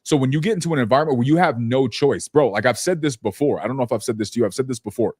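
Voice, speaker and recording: A man hosting a casual business podcast who tells stories bluntly and profanely and slips into lively impressions of people. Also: medium pitch, rapid-fire, husky, no room sound, clean studio sound. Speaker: podcast host.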